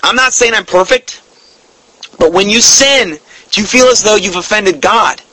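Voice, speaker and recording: A man preaching a sermon in an earnest, emphatic way, slowing down to read scripture and definitions, and openly emotional about his subject. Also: high voice, sharp tone, no echo, rough recording.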